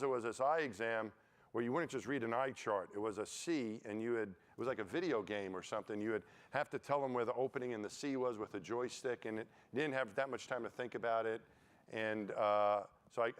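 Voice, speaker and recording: A man on a conference panel telling casual, animated stories and acting out what others said to him. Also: lowish voice, a little fast. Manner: animated anecdotes, acts out quoted voices. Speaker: panel speaker, former astronaut. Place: conference stage.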